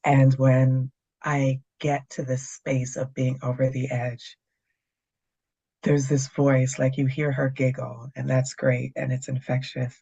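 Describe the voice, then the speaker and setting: A woman's voice: extremely low pitch, flat delivery, slow pace, creaky, dark tone, breathy edge, highs cut off. A middle-aged woman from Canada, speaking as a guest in a casual conversation, candid and dryly funny. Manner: candid, dry humor.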